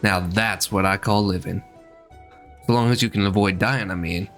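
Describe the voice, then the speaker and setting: A man voicing a chatty sailing merchant in a rough folksy accent he admits he is not good at. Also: deep voice, fairly even intonation, normal speed, fairly bright tone, soft background music. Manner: homely, colloquial, slightly clumsy put-on accent.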